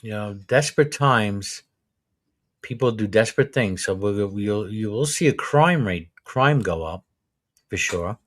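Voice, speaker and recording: A man's voice: on the low side, animated, measured pace, no room sound, studio quality. A man hosting a casual live stream chat, bantering and laughing, with many restarts. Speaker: host.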